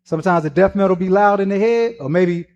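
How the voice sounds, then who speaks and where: A man's voice: high-pitched, fast talker, darkish tone, dull audio. A man leading a church question-and-answer session in a casual, joking way, using slang, laughing often, and acting out little quotes. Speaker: church Q&A leader. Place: church meeting room with a microphone.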